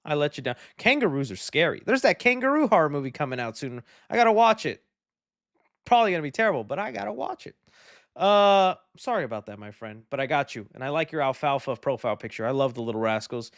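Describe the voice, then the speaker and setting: A man hosting a casual livestream, chatting in a relaxed, friendly way while answering viewer donations. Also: on the high side, quick pace, dry recording, studio quality. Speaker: livestream host.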